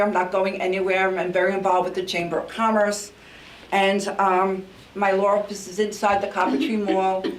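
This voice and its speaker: An older New York woman with a New York accent, the outgoing mayor, delivers a heartfelt farewell speech at a council meeting, repeating herself and saying "um" a lot. Her voice is mid-range. The room is echoey with the mic at a distance, and there's a little hiss or hum.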